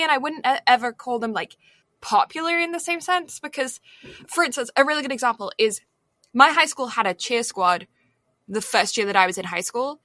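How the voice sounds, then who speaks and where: A woman's voice: fairly high pitch, sharp tone, no echo. A woman co-hosting a podcast, chatting casually and rambling with plenty of filler words. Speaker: podcast co-host. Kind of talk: casual chat.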